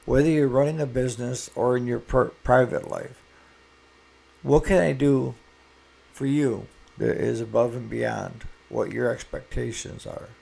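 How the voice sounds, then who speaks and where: A man's voice: mid-range voice, a little slow, vocal fry, warm tone. A man who owns a small engine repair shop, talking casually to camera and giving earnest, folksy advice.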